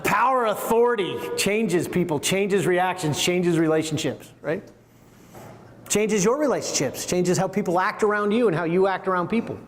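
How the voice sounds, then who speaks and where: A man's voice: high-pitched, moderate pace. A middle-aged man, a former Air Force group commander, giving a conversational leadership lecture and asking the audience questions. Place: room with a seated audience. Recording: long hall reverb.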